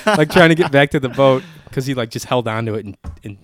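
Brief: profane young podcast host, dry sound. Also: male voice, mid-range voice, quick pace, no echo. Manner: laid-back, profane, laughing through the story. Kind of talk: casual storytelling.

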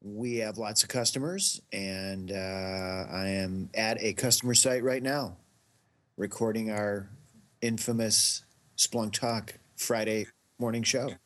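A man's voice: on the low side, steady tone, slow, a bit bright. A man from Chicago co-hosting a casual tech podcast, reading listener questions with dry humor. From Chicago, Illinois. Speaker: podcast co-host.

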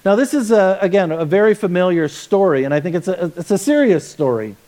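A man's voice: sits high, expressive, a little fast, mellow. Man preaching a sermon with humor. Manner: conversational preaching with humor, reading scripture aloud. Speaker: pastor.

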